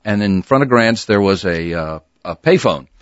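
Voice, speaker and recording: An older man and former disc jockey spins animated anecdotes, his lowish voice rising and falling a lot. The studio sound is dry and a little dull. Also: normal speed, no echo. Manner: animated, swings into voices, laughs easily. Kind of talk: casual storytelling interview. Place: radio studio.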